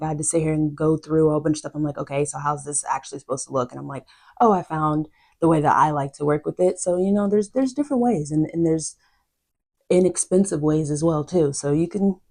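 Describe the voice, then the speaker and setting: A young woman chatting casually to camera as a book vlogger, drifting into quiet asides. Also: sits low, fast talker.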